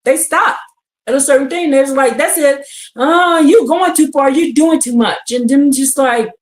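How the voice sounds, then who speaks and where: A woman teaching scripture on a live stream, reading verses aloud and firing questions at her listeners with excitement. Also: high voice, normal speed. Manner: animated and exclamatory, reads verses then asks the audience questions. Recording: echoey room.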